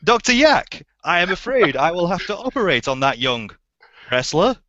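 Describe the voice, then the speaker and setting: A man's voice: high-pitched, very animated, normal speed, sharp tone, no echo, pitched above the performer's own voice, exaggerated voice. A man voicing a hammy male soap-opera doctor delivering a dramatic line. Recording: dull, dry lo-fi audio.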